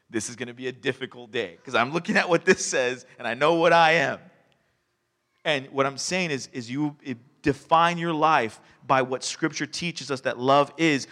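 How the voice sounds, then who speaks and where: A male pastor delivers a sermon in a chatty, lively way, breaking into laughter as he tells stories. His voice sits somewhat high for a man. The sound rings with the long reverb of a church hall. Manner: conversational, animated storytelling with laughs. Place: church sanctuary.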